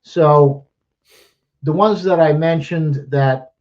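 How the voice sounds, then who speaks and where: Profane, rapid-fire betting host, out of breath. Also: male voice, a little high, darkish tone, highs cut off. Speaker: sports betting show host. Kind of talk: casual betting picks chat.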